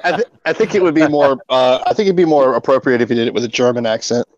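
A man's voice: medium pitch, fast, a loud crowd. Joking man on dull call audio. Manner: joking storyteller, laughs at his own jokes. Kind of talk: casual group chat.

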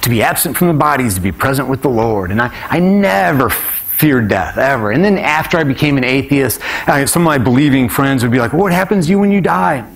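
Man, stand-up storyteller, medium-pitched voice, animated, sudden shouted bursts, chatty asides to the crowd. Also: fairly quick. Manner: conversational asides to the audience. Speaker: comedian and storyteller. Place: stage at a live conference event.

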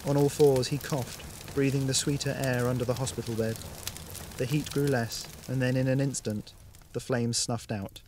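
A man reading a science fiction story aloud in a steady, even narration. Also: medium pitch, normal speed, a little hiss or hum.

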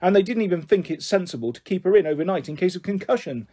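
A man voicing a worried, protective mother in a storybook reading, anxious and quick to take offence on her child's behalf. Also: high-pitched, animated, dark tone, husky, pitched above the performer's own voice. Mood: indignant. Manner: anxious and indignant. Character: worried, protective mother, middle-aged woman.

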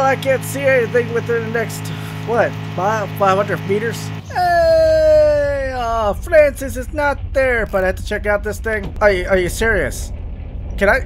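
A man giving excitable let's play commentary, swearing and talking to himself as he plays. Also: extremely high pitch. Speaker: gaming YouTuber.

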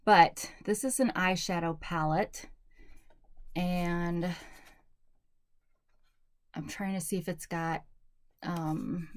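Chatty woman with a lowish voice. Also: no echo. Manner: rambling, chatty, many fillers. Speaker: haul vlogger. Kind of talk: casual product review chat.

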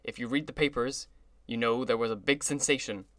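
A man reading an audiobook, voicing a jovial orchestra leader who makes a grand, slow announcement with mild condescension. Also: medium pitch, a bit bright, no echo, lightly acted. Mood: grandiose.

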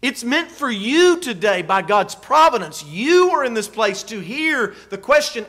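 A man preaching a sermon as pastor. He asks the congregation rhetorical questions and swings from quiet to loud. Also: extremely high pitch, sing-song, normal speed, hardly any pauses.

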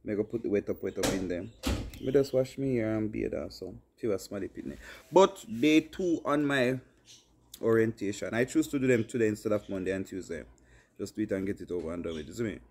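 A man's voice: fairly low pitch, a little fast, darkish tone. A young man, bantering and protesting in patois while being filmed at home. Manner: teasing, protesting, patois-heavy. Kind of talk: casual banter.

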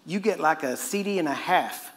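A middle-aged preacher from Texas, delivering a sermon in a fast, joking, conversational way. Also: male voice, a little high, expressive, background noise. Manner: fast-talking and joking with the audience.

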